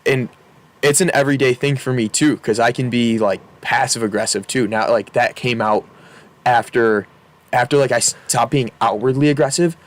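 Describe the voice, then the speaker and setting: A young man in his twenties talks as a podcast guest, telling a personal story in a loose, rambling way. He's candid and chatty, stacking fillers and laughing often, at a middling pitch. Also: normal speed. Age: 20s. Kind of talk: casual storytelling.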